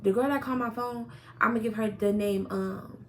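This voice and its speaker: A young woman telling a story about her relationship in a casual vlog, blunt and profane, with sudden loud outbursts. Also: fairly high pitch, fairly even intonation, brisk, slight background noise. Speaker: storyteller vlogger.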